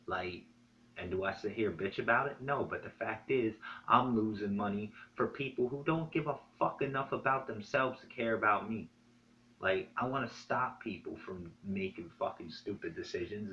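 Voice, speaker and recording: Vlogger, male, lowish voice, earnest profane monologue, dull lo-fi sound with a faint hum. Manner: earnest, profane, preachy pep talk. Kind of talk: direct-to-camera vlog monologue.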